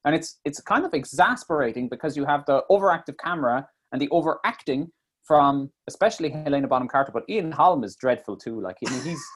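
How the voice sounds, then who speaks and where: A man's voice: fairly high pitch, fast talker, slightly rough. A man in casual chat, reviewing a film with mocking asides and swearing. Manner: animated, swearing, mocking impressions. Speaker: podcast co-host.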